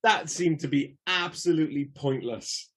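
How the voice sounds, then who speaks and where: A man's voice: a little high, moderate pace, a bit bright, slightly rough. A man co-hosting a podcast, chatting about films in a dry, matter-of-fact, easygoing way. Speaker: podcast co-host, father. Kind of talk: casual film chat.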